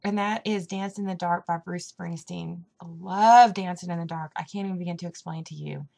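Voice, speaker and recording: A woman's voice: on the low side, moderate pace, creaky, mellow. A young woman with a Southern country accent, rambling through a casual vlog with plenty of fillers and a hyper, caffeinated energy. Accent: American Southern country. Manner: chatty and rambling, with lots of fillers. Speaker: vlogger. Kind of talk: casual chat.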